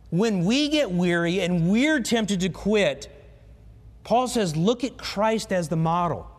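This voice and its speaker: Animated high-voiced preacher in echoing church. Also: male voice. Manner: animated, asks the congregation questions. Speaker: pastor. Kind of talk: sermon. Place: church sanctuary. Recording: long reverb of a church hall.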